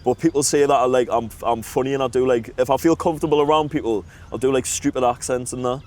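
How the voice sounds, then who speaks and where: A man's voice: medium pitch, fairly even intonation, fast talker, a little mellow. A young man with a Geordie accent, chatting casually with a stranger on a park bench, bubbly and full of "like" and "aye". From Newcastle, England. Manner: chatty, self-described bubbly, lots of "like" and "aye". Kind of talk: casual chat. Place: park bench outdoors by a river.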